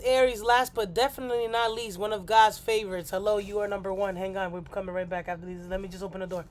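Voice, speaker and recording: Rambling woman hosting a livestream. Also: mid-range voice. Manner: rambling, playful, apologetic asides. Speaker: astrology livestream host. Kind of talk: casual livestream chat.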